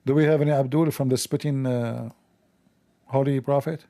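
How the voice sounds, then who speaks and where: A man hosting a casual commentary video, sarcastic, animated and mocking. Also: mid-range voice, moderate pace. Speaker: host.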